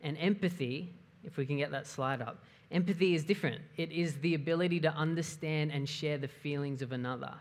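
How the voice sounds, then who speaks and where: A pastor speaks in a steady, conversational sermon voice. The delivery reasons things through and keeps checking in with the listeners through questions. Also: mid-range voice, a little fast, few pauses. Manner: conversational, asks the audience questions.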